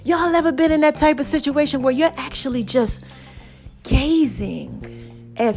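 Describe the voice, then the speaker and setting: Chatty high-voiced woman podcast host. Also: normal speed, a little mellow, faint music behind. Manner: chatty, addresses listeners directly as "baby" and "y'all". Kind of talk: casual storytelling monologue.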